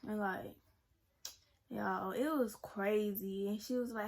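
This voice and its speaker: A woman's voice: mid-range voice, fairly even intonation, measured pace, vocal fry, darkish tone. A young woman, telling a personal story to camera in a rambling, casual way. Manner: rambling, many "like"s and "y'all"s. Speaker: vlogger. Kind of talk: storytime vlog.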